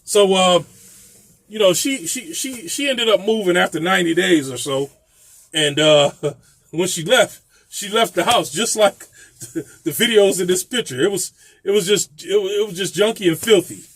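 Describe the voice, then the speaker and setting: A man's voice: sits high, normal speed, a bit bright, slightly rough, no room sound. A man casually telling a profane story, laughing often. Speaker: vlogger telling a landlord story.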